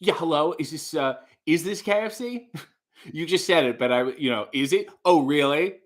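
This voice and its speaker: A man's voice: a little high, moderate pace. A man playing a dry, sarcastic caller trying to book a table over the phone. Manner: deadpan, sarcastic. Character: sarcastic dry-witted man phoning a restaurant.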